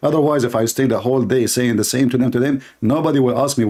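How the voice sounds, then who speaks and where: A man's voice: medium pitch, steady tone, a little mellow. A man hosting a livestream, telling a mocking story in a casual, joking way and slipping in Arabic phrases. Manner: fast, mocking, laughing, switches into Arabic phrases. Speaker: livestream host.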